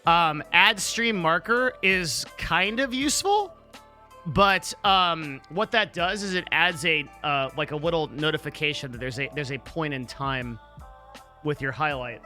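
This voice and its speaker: A man with a very bright, sharp-edged voice sitting a little high in pitch. He rambles bluntly through chat questions on a live stream, swearing freely and stumbling over restarts, with faint music behind him. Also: a little slow. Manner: blunt, profane, rambling with many fillers. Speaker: livestreamer answering chat.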